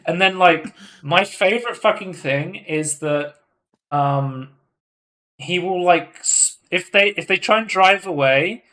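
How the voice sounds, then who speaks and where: A man hosting a casual podcast, chatting in an animated way and swearing often. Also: high-pitched, slow pace. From United Kingdom. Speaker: podcast host. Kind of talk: casual chat.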